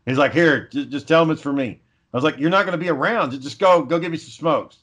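A man tells stories in loose, casual chat, cursing freely and laughing along. His voice sits a little on the high side for a man. He keeps an easygoing pace. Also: fast, fairly bright tone. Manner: laid-back storyteller, swears a lot, chuckles.

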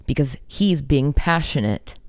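A woman's voice: low-pitched, expressive, a little slow, no echo, studio quality. A woman singer in a band, talking candidly and expressively in a casual interview and swearing freely.

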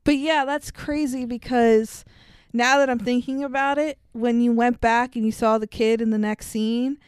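A fairly high-voiced woman chats about a movie on a podcast, laughing often and swearing casually. Her voice is smooth and clear, recorded close and dry with no room sound. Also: fairly even intonation, normal speed, no echo. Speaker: podcast co-host. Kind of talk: casual movie recap chat.

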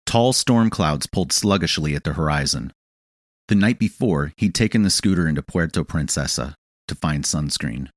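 Very low-voiced male storyteller. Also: expressive, normal speed, dry recording, studio quality. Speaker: audiobook reader. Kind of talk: scripted narration of an audio play.

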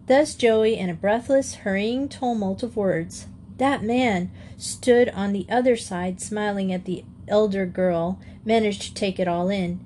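Woman reading an old school story aloud, steady mid pitch voice, faint hiss behind. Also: unhurried. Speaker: audiobook narrator. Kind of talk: scripted narration.

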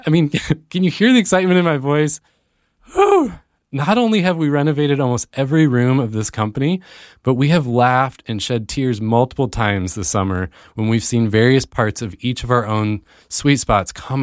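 A man hosting his own podcast, talking straight to listeners in an earnest monologue that lifts into excited bursts. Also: lowish voice, no room sound, clean studio sound. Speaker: podcast host.

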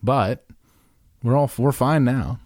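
A man's voice: medium pitch, slow pace, a little mellow, no echo, clean studio sound. A man co-hosting a casual podcast chat, rambling and self-deprecating, restarting his sentences often. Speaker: podcast co-host.

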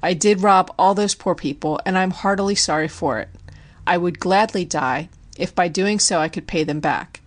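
A woman's voice: fairly low pitch, moderate pace, close to an everyday voice. A woman reading a frail, remorseful male convict. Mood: pleading. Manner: trembling, pleading.

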